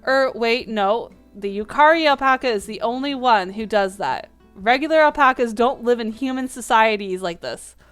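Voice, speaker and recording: A woman's voice: a little high, lively intonation, normal speed, a bit bright, clean tone, faint music behind. A woman playing a dating game and reading its text aloud, with small slips and playful asides. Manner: reads lines with small slips and restarts.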